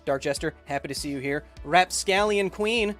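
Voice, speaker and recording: A man hosting a science livestream, chatting casually and reading out viewer donations in an upbeat, joking way with bursts of excitement. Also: a little high, moderate pace, soft background music. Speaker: science YouTuber host.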